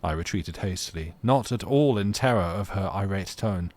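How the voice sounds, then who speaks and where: Low-voiced man reading a game aloud. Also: lively intonation, normal speed, darkish tone. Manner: casual, chatty asides with playful restarts. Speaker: streamer. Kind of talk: live let's play, reading game text aloud.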